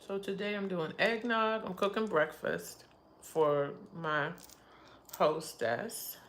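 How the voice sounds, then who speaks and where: A woman's voice: mid-range voice, a bit bright, a little hiss or hum. A middle-aged woman hosting a casual livestream, chatting in a rambling way and laughing often. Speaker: livestream host.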